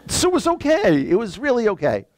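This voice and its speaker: A man's voice: very high voice, brisk, no echo. A man from the Bronx with a New York accent, a tour guide and guest talking casually and joking on a video call. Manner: animated, joking asides. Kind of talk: casual conversation.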